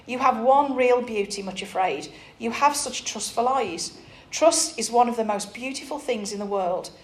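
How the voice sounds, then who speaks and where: A woman voicing a gentle, patient male shepherd who speaks quietly and tenderly, in a roomy recording. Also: a little high, normal speed, lightly acted. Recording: roomy echo.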